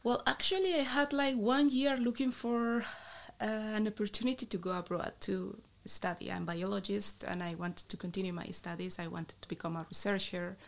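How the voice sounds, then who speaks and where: A woman in her thirties from Colombia, speaking English with a Colombian Spanish accent, telling stories in a lively, laughing way as an interview guest. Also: mid-range voice, a little fast, creaky, few pauses. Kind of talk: casual interview chat.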